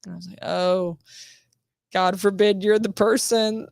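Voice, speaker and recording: A woman's voice: mid-range voice, steady tone, a little slow, vocal fry, darkish tone, no echo, studio quality. A woman guest on a casual interview show, telling a story and acting out quotes, swearing freely. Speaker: guest actress.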